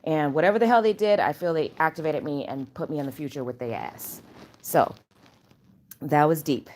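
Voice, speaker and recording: Woman, low voice, casual vlog, slangy, rambling, animated. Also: normal speed. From Chicago area. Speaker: channel host. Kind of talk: casual spiritual vlog chat. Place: home.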